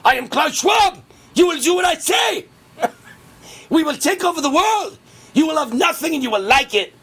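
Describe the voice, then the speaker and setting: A radio host putting on a sinister older globalist man with a mock German tone, booming out gloating decrees. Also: animated, moderate pace, fairly bright tone, shouting, heavily acted.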